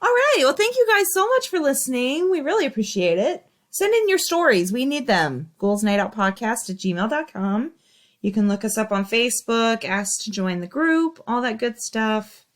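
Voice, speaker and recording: A woman hosting a podcast, reacting with short exclamations and wrapping up with a quick, upbeat sign-off. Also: a little high, sing-song. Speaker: podcast host. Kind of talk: casual chat and show sign-off.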